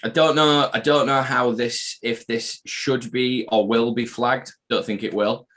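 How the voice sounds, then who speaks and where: Guy co-hosting a podcast stream, swears a lot, rambly stories, middle pitch. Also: fairly even intonation, unhurried, fairly bright tone. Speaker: podcast co-host. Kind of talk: casual live-stream chat.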